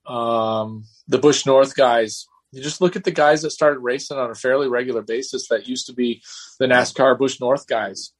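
A man's voice: mid-range voice, steady tone, moderate pace, husky. Male racer guest, loose rambling storyteller. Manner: rambling, many restarts, acts out quotes. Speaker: race car driver guest. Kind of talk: casual storytelling interview.

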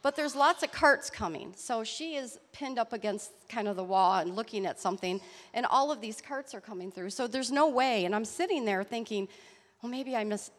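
A woman telling a personal faith story in an earnest, halting way. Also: a little high, lively intonation, in a large hall. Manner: earnest, halting storytelling with restarts and soft laughs. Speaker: church member sharing a testimony. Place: church hall.

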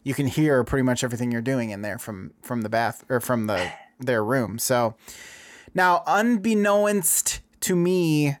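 A man in his thirties telling a story in casual chat, lively and acting out dialogue with a raised voice. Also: mid-range voice, a little fast, few pauses, no room sound. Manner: animated, acts out dialogue in a raised voice.

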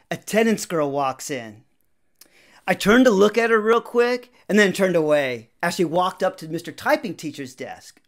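Brief: young male storyteller, conversational, animated intonation, acts out the dialogue. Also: sits high. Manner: lively, conversational, acts out quotes. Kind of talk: personal story narration.

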